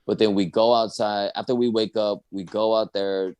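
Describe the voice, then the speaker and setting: Lower-voiced man telling a funny story. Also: normal speed, clean tone, no echo. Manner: animated, acts out friends' voices. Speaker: guest comedian telling a story. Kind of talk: comic personal storytelling.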